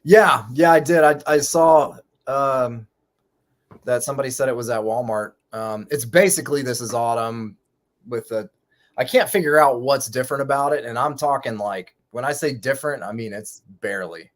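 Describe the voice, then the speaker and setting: A man's voice: medium pitch, moderate pace. A man chatting casually as a guest on a live stream, rambling and correcting himself as he talks. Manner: rambling, self-correcting, chuckles often. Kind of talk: casual chat.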